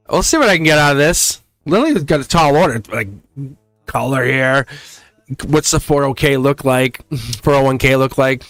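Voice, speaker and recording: A man hosting a live tarot reading, talking in a chatty, excited way, laughing often and acting out voices as he reads the cards. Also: mid-range voice, a little slow, long pauses, dry recording, soft background music.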